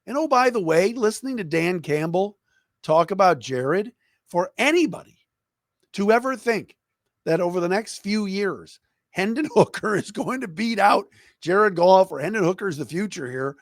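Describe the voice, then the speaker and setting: A man's voice: sits high, normal speed, no echo, clean studio sound. A man hosting a sports podcast, a former radio broadcaster, talking with enthusiasm. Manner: enthusiastic, animated storytelling. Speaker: podcast host.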